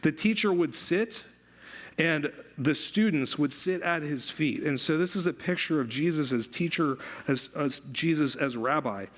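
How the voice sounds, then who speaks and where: A man preaching a sermon as pastor, conversational and animated, repeating phrases for emphasis. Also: on the high side, measured pace.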